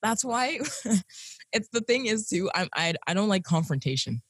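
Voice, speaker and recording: Animated woman podcast co-host, dry sound. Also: mid-range voice, measured pace, slightly rough, dry recording. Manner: animated, acts out her own quoted speech. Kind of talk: casual chat.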